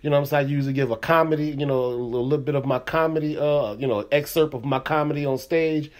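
A middle-aged man hosts his own comedy podcast in a casual solo monologue, talking loosely and peppering it with "you know what I'm saying." His voice is on the high side, with fairly even intonation and a quick pace.

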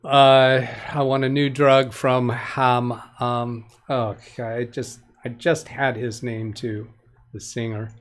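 This man talks slowly in a level, medium-pitched voice as he hosts a live tech help stream. Reading viewer comments aloud, he rambles, restarts and corrects himself often, giving plain, practical advice.

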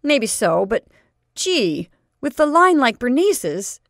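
A woman reading a story aloud and voicing a brash, teasing teenage boy with an eager, loud delivery. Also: fairly high pitch, very animated, takes it slowly, dry recording, studio quality, voice pushed up, full character voice.

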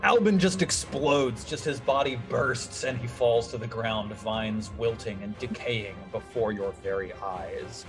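A man running an old-school tabletop game as game master, upbeat and animated as he narrates and cheers on the players. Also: fairly low pitch, unhurried, few pauses, music in the background.

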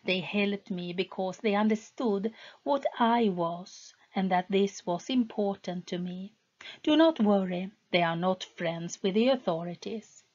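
An earnest young woman with a taste for drama, voiced by a woman reading a storybook. She speaks slowly and eagerly. The recording is a little dull and muffled. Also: mid-range voice, a little mellow, lightly acted. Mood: reassuring.

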